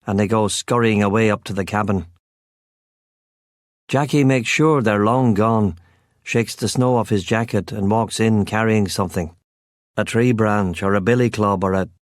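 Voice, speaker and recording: A man's voice: fairly low pitch, no echo, studio quality. A man reading a crime thriller audiobook in a gritty first-person narration. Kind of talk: scripted narration.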